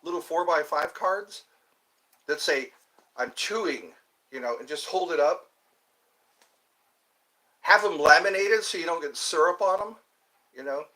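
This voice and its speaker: A man's voice: on the high side, unhurried, pauses often, pushed and bright. A man streaming live, rambling and joking as he chats with his viewers. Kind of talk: casual live-stream chat.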